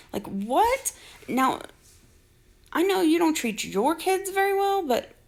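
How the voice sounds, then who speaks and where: A high-pitched woman in her forties talks through online drama with sarcasm and a heavy gravelly fry. She sounds exasperated and keeps slipping into mocking impressions of the people she describes. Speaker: social media commentator. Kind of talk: gossip commentary.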